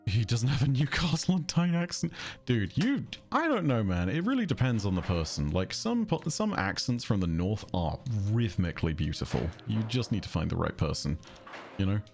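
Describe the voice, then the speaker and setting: A man's voice: lowish voice, very animated, normal speed, creaky, a little mellow, soft background music. A man with a southern English accent streaming a game, chatting casually in a rambling way and breaking off to react to the game. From England. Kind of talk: casual livestream chat while gaming.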